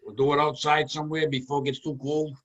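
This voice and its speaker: A man's voice: fairly high pitch, level tone, quick pace, highs cut off, crowd noise. A man hosting a comedy chat, asking loose, joking questions. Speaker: comedy show host. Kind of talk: casual chat.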